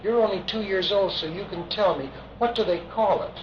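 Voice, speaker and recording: A man leading a hypnotic age regression session, asking calm, coaxing, leading questions. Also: high voice, normal speed. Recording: dull archival recording with hiss.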